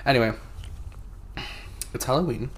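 A young man co-hosting a podcast in casual chat, crude and joking, breaking into loud laughter. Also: medium pitch, moderate pace. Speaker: podcast co-host.

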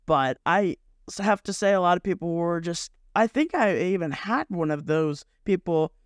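Young guy podcasting, high voice, dry close sound, rambly and earnest. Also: expressive, normal speed, clear, resonant tone, dry recording. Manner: rambling, self-correcting, earnest. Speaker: podcast host. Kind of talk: casual devotional podcast talk.

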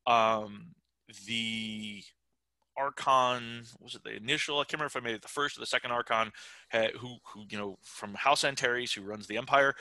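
A man's voice: medium pitch, sharp tone, no room sound, rough recording. A middle-aged man talking as a podcast guest in a chatty, rambling way, with lots of fillers and restarts. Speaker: podcast guest, writer and game developer. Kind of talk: casual interview chat.

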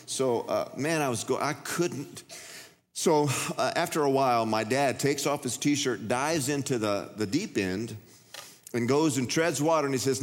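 A middle-aged pastor preaches in a large church, his voice trailing off in a long hall reverb. He tells stories and acts out the voices in them, his pitch sitting in the ordinary middle range for a man. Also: animated, moderate pace. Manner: storytelling, acts out voices and shouts. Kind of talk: sermon.

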